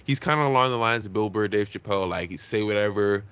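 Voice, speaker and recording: A man co-hosting a podcast in casual chat, full of slang and eager shout-outs. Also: on the low side, fast talker, smooth, dry recording. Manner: enthusiastic, gives shout-outs, uses slang. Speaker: podcast co-host.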